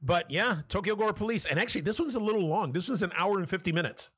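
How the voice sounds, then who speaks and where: A man's voice: high-pitched, fast talker, a bit bright, slightly rough. A man co-hosting a casual horror podcast, talking with enthusiasm, stammering restarts and heavy swearing. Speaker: podcast co-host. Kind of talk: casual chat.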